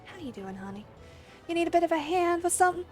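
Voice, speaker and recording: A woman's voice: very high voice, sing-song, fast, faint music behind, pitched above the performer's own voice. A woman putting on a folksy Southern man's voice with an attempted American Southern accent in a drawling, shaky impression. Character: folksy southern man, warm and fussing.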